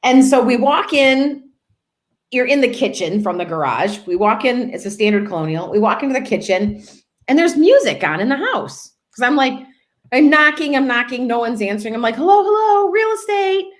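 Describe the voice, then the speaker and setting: A woman's voice: fairly high pitch, normal speed. A woman, a real estate agent, telling a funny work story on a podcast and acting out the people in it. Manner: animated, acts out voices in her anecdote. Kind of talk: casual storytelling.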